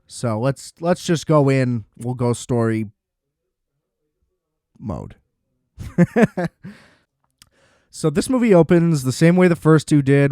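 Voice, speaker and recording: A man hosting a podcast, casually recapping and ranting about a movie with animated, exasperated energy and frequent laughs. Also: fairly high pitch, no room sound, clean studio sound. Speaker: podcast host. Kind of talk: casual movie review rant.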